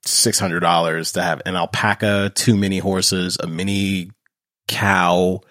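A man co-hosting a podcast, telling a relaxed story in casual banter. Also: low voice, unhurried, no room sound, studio quality. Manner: relaxed storytelling, laughs along. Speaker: podcast co-host.

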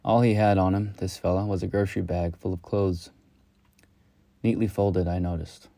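A man reading a reflective personal story in a slow, measured, lyrical way. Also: low voice, flat delivery, gravelly, dark tone, no room sound. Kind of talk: reflective spoken-word storytelling.

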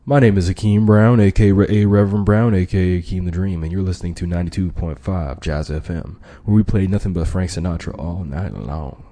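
A man doing a smooth late-night radio DJ. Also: sits low, fairly quick, few pauses. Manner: smooth, relaxed radio patter.

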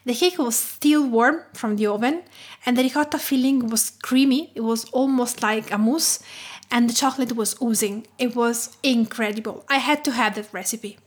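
A woman's voice: on the high side, normal speed, slightly rough. A woman from Tuscany with an Italian accent, hosting a cooking podcast in scripted narration that lingers on food details. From Tuscany, Italy. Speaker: podcast host.

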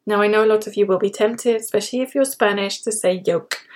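A British woman hosting a podcast English lesson, speaking slowly and clearly and repeating example words. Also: mid-range voice. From Britain. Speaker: English teacher and podcast host.

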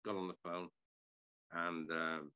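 Speaking slowly in a deep, flat voice, an older man recalls his broadcasting career as an interview guest, rambling and making light of himself. He's a retired sports broadcaster who keeps restarting and clearing his throat, captured on a muffled recording.

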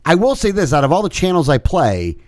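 A man co-hosting a podcast, telling an everyday story in relaxed casual chat. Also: a little high, a little fast, no echo, clean studio sound. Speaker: podcast co-host.

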